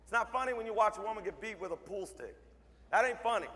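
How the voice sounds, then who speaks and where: A man with a high-pitched, sharp-toned voice speaks fast and expressively, giving a motivational speech to a school assembly as a mentor. He tells stories emphatically and repeats lines for effect, with long hall reverb around him.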